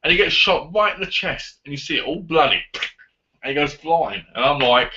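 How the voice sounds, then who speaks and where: A man casually reviewing a film on his vlog, retelling the plot in an animated way and acting out the lines. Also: on the high side, normal speed, noisy background. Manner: animated retelling with acted-out quotes. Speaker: movie reviewer. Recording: dull lo-fi audio.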